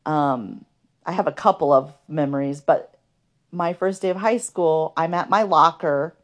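A woman's voice: deep voice, measured pace. Earnest woman telling her life story. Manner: earnest, conversational, many fillers. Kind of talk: personal storytelling podcast.

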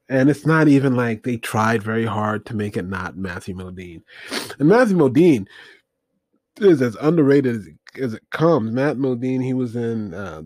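A man's voice: lowish voice, a little mellow, no room sound. Guy rambling about a movie, lots of ums and uhs, checking stuff as he goes, dead dry room. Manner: rambling, hesitant, many fillers, looking things up as he talks. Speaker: movie reviewer. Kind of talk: casual movie review monologue.

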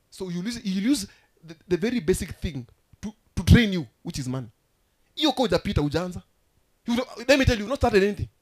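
A man preaching a sermon as pastor, emphatic and rousing, with sudden loud outbursts. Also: a little high.

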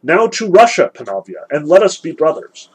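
A man reading out the toasts of an exuberant young Russian nobleman, loud and boisterous, with a husky voice. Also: fairly high pitch, very animated, normal speed, faint music behind.

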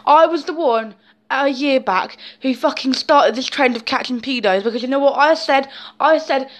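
A woman's voice: high-pitched, moderate pace. A young woman speaking to camera in an emotional personal monologue, intense and emphatic, often swearing and ending points with "yeah?". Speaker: vlogger.

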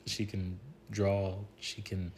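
A man co-hosting a casual podcast, a father and soccer coach, telling family stories in a relaxed way, with fillers and easy laughs. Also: deep voice, takes it slowly, a little hiss or hum. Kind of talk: casual chat, storytelling.

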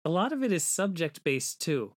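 A man's voice: fairly high pitch, sing-song, moderate pace, no echo, clean studio sound. A man co-hosting a casual podcast chat, reasoning through points in an explanatory way. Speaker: podcast co-host.

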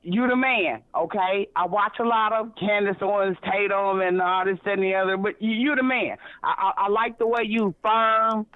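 A woman's voice: medium pitch, steady tone, normal speed, hardly any pauses, no room sound. A woman calling in to a talk show, effusive and rambling, full of ums and restarts. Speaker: caller. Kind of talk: excited phone call to a talk show. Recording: tinny phone line.

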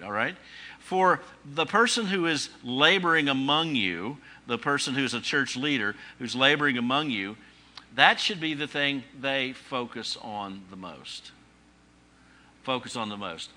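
Bright-voiced man teaching a sermon. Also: mid-range voice. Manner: conversational teaching with rhetorical questions and dry humor; emphatic repetition, rising on key phrases. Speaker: pastor.

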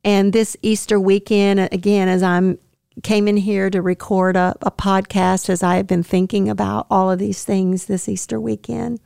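A woman hosting a devotional podcast, reflecting earnestly and tenderly on scripture, with soft laughs now and then. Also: medium pitch, little pitch movement, normal speed, gravelly, clean tone, no room sound, studio quality. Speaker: podcast host.

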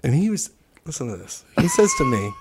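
A man rambling through a loose comedy podcast chat. His voice swoops up and down in lively bursts as he jokes and swears freely. He has the hiccups while he talks. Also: a little high, brisk, creaky, noisy background. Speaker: podcast co-host.

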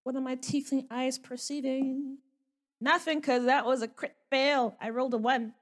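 A woman's voice: high-pitched, steady tone, moderate pace. Woman describing her character's moves. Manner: chatty, describes actions. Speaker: player. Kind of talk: playing a tabletop game.

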